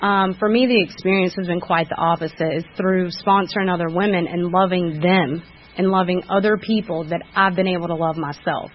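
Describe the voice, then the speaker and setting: A woman's voice: on the low side, steady tone, a little fast. A woman giving a candid personal recovery testimony at a meeting, frank and self-critical, often restarting with fillers. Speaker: speaker sharing at a recovery meeting. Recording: dull lo-fi recording.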